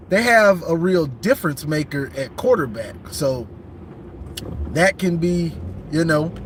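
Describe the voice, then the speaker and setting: A man's voice: fairly high pitch, a bit bright. A man, talking sports in a casual, emphatic way. He often repeats and restarts phrases while he drives. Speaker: sports vlogger. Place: in a car while driving. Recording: road noise from a moving car.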